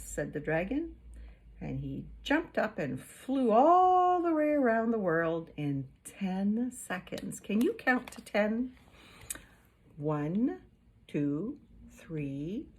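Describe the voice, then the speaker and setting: A woman reading a children's picture book aloud, slow and unhurried, with a soft breathy voice. She swoops up and down in pitch, playful and animated, speaking straight to her young listeners. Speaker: storyteller.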